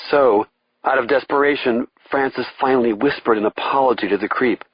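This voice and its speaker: A man's voice: medium pitch, a little fast. Male audiobook narrator, thriller, dull lo-fi sound, faint music bed.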